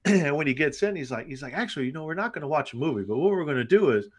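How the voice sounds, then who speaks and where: A man co-hosting a casual movie review podcast, crudely joking and retelling scenes with quick impressions. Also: fairly high pitch, expressive, breathy edge. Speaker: podcast co-host.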